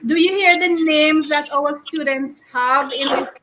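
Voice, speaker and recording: A woman's voice: high-pitched, unhurried, noisy background. A woman teacher, chatting playfully with her pupils in a classroom and teasing them with questions. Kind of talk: casual chat with pupils.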